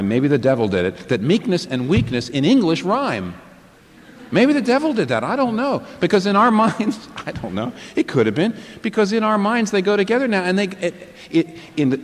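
A man preaching a sermon to a live congregation, emphatic and fond of rhetorical questions that he answers himself. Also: sits high. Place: large church hall with a live congregation. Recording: long reverb in a large hall.

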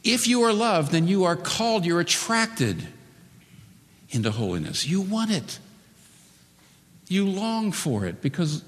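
A male pastor preaching a sermon, earnest and building to animated peaks before dropping to a quiet prayer. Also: sits high, unhurried, long pauses. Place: church sanctuary. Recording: preached in a church hall with long reverb.

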